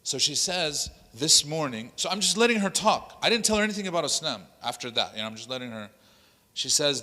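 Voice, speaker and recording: An imam tells a story at a workshop, switching into the voices of the people he quotes. His voice is bright and forward. The sound rings out with a long hall reverb. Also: fairly high pitch, very animated, fairly quick. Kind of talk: workshop talk telling a story. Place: mosque hall.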